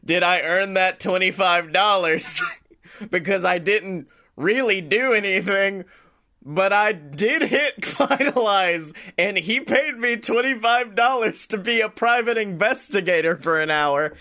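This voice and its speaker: A man's voice: high-pitched, measured pace, sharp tone. A man hosting a comedy podcast, telling a story while laughing and slipping into voices. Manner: laughs through his stories, slips into character voices. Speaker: podcast host.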